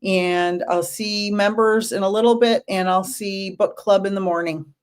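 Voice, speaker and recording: A woman in her fifties hosts a relaxed livestream as a spiritual medium. She speaks slowly and gently, reassuring her viewers between chatty asides. Her voice sits at a middle pitch. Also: clean tone. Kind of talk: casual livestream chat.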